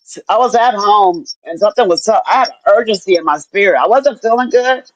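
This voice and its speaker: A woman's voice: mid-range voice, animated, brisk, slight background noise, low-quality recording. An older woman and grandmother speaking candidly in a casual chat, often repeating herself and cursing freely. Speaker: stroke survivor sharing her story.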